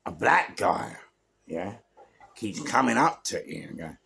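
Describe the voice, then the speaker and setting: A man's voice: mid-range voice, sing-song, normal speed, vocal fry, pushed and bright, slightly rough. A man with a London accent telling stories casually, with street slang, swearing, and frequent "yeah?" check-ins. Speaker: storyteller guest. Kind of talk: casual storytelling.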